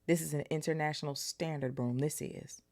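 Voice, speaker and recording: A woman voicing an excitable teenage boy wizard while reading a storybook aloud, eager and loud. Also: low voice, fairly quick. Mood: excited.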